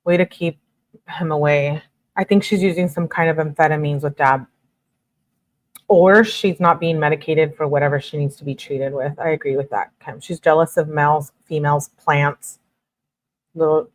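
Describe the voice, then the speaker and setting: A woman's voice: sits low, normal speed. A young woman reading text messages aloud and adding her own shocked commentary, like a true crime commentator. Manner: reads messages flatly, reacts with shocked asides.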